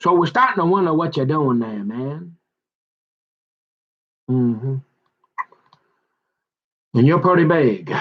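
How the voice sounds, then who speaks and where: A man's voice: a little high, sing-song, highs cut off. A man telling a long personal story in a rambling, casual monologue. He speaks straight to his listener and keeps checking in with "right?" and "mm-hmm". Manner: drawn-out, meandering storytelling with many restarts.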